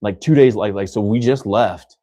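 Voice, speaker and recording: A man's voice: on the low side, normal speed, dark tone, no echo. A young man from the United States hosting a podcast, rambling in casual chat and filling his talk with "like". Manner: rambling, heavy use of "like". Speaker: podcast host.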